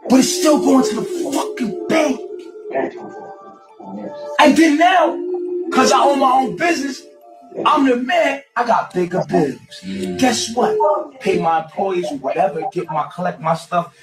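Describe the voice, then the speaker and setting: A man who owns a salon ranting emphatically and repeating himself, shouting at times. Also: extremely high pitch, lively intonation, moderate pace, echoey room, recorded from a distance, music in the background, low-quality recording. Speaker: salon owner. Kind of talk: ranting monologue.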